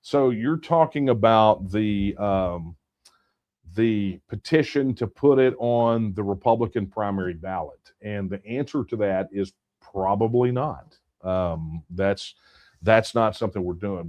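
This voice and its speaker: A man with a fairly low voice hosts a casual late-night livestream Q&A. He talks loosely and works out his answers aloud, with plenty of fillers and restarts. The sound is dry and close, with no room around it. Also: darkish tone, no echo. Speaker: livestream Q&A host.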